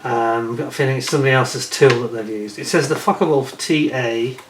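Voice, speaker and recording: A man talks his way through a model kit review in a loose, chatty manner, often muttering asides to himself. His voice sits at an everyday middle pitch. It is recorded in an echoey room with a faint noise underneath. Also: fairly quick. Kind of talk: casual unboxing commentary.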